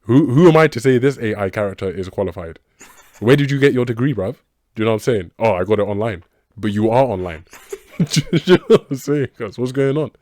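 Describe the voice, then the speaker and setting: A man co-hosting a casual podcast chat, skeptical and joking in an animated way. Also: mid-range voice, fairly quick, no echo, studio quality. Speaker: podcast co-host.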